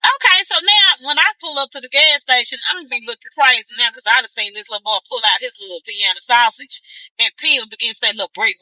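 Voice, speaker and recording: A woman's voice: on the high side, no room sound, rough recording. A woman, chatting casually to her viewers in a vlog recorded in her car. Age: 50s. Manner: chatty, animated, calls viewers baby. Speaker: vlogger. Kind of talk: casual chat.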